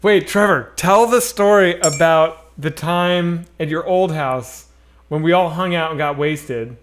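A man on a casual podcast with a fairly high voice. He rants through a story, swearing freely. Nearly every phrase is padded with "like". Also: measured pace. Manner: ranting, profane, heavy use of "like". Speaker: podcast co-host.

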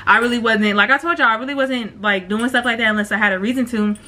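A woman with a high-ish voice and quick pace tells a story on her vlog. She chats in slangy, animated fashion and acts out the voices of the people she quotes.

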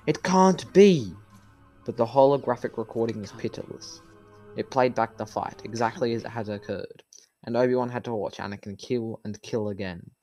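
Low-voiced man reading a novel aloud. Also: a little fast, soft background music. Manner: casual with fillers in the intro, then steady reading. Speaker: channel host and narrator.

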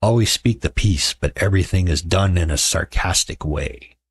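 A man's voice: low voice, moderate pace, slightly rough, no room sound. A middle-aged man hosting a casual livestream, chatting with viewers in a sarcastic, joking way and telling stories. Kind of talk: casual chat.

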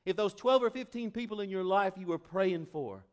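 A male pastor preaching a sermon, animated, swinging from loud exclamations to quiet, intimate asides. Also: high voice, normal speed, smooth.

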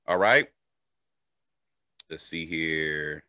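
Male crypto educator, casual and jokey, bright voice, dry close recording. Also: mid-range voice, fairly quick, no room sound. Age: adult, a parent. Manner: animated, joking, checks in with "right?" and "okay?". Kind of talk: casual explainer.

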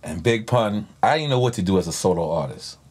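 A man guest telling stories in a casual interview, animated and swearing freely. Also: lowish voice, fairly quick. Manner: animated, swears freely, acts out others' lines in voices.

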